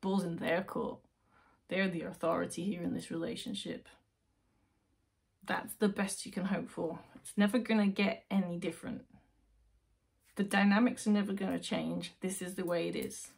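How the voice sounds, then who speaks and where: A woman with a gravelly, slightly husky voice gives a tarot reading straight to camera. She coaxes the viewer with question after question, then eases into slow, soothing guided breathing. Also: lowish voice, steady tone. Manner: coaxing, talks straight to the viewer with rhetorical questions. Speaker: tarot reader.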